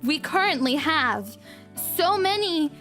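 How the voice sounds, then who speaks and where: A young woman putting on a slow, drawn-out mock salesman voice to advertise her merch on a livestream. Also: sits high, lively intonation, bright, forceful tone, soft background music, full character voice. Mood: salesy.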